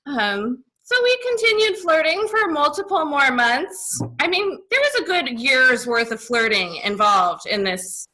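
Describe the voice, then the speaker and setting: A woman's voice: sits high, sing-song, a little slow, few pauses, pushed and bright, poor audio. A young woman telling a story as a podcast guest, bubbly and giggly, saying "like" a lot. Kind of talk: casual storytelling.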